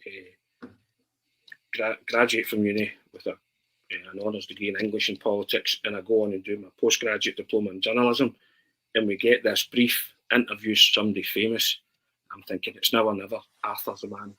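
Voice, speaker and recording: Animated Scottish man telling stories. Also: lowish voice, fairly quick, breathy edge, low-quality recording. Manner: animated, keeps asking "right?". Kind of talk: casual storytelling.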